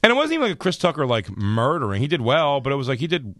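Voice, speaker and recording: A male stand-up comedian telling stories in a casual radio interview, talking in rapid bursts and acting out quotes from other people. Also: medium pitch, dry recording, studio quality. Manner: rapid storytelling with lively acted quotes. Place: radio studio.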